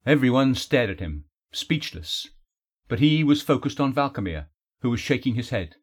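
Brief: husky male storyteller, steady and even, mid pitch. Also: moderate pace. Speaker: narrator. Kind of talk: audiobook narration.

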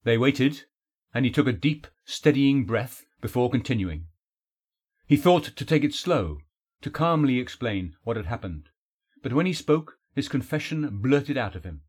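A man narrating a fantasy audiobook in a steady storytelling manner. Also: medium pitch, a little slow, breathy edge.

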